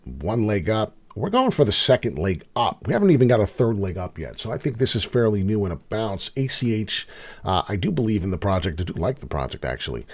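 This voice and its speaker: A middle-aged man talks through his trades live in a loose, unscripted way. He swears freely and bounces between loud, exasperated outbursts and low, muttered grumbles. His pitch swings widely from line to line. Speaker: crypto trading channel host. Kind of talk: live casual trading commentary.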